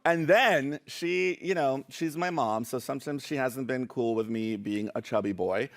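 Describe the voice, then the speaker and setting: A man's voice: mid-range voice, moderate pace. A young adult man telling funny personal stories and reading poems at a live show, playful and self-mocking, often laughing through his lines. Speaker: spoken word poet and storyteller. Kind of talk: live comic storytelling and poetry reading.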